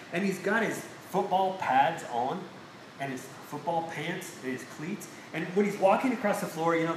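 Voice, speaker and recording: Male pastor, storytelling sermon voice, slightly raised pitch, roomy hall with faint background hum. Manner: storytelling, rhetorical questions to the congregation. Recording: echoey hall with faint ambience.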